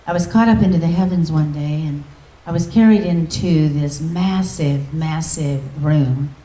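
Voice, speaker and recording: A woman minister telling an emotional testimony in a storytelling manner, often dropping to a soft, near-whispered voice. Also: low voice, unhurried. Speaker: guest minister. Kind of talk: testimony preaching. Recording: echoey hall, distant mic.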